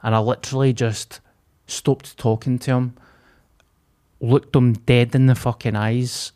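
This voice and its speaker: A man's voice: medium pitch, level tone, a little slow, a little mellow. A man, co-hosting a podcast and telling a vivid, sweary story in casual chat. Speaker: podcast co-host.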